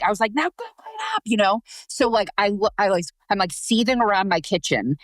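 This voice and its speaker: A woman's voice: fairly low pitch, dry recording. A woman hosting a podcast who tells a personal parenting story in an open, emotional and informal way, swearing now and then. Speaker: podcast host.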